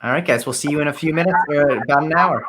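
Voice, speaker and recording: Man, livestream co-host, casual chat, upbeat, slightly high voice. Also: fast talker, a bit bright. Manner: laughs often, upbeat.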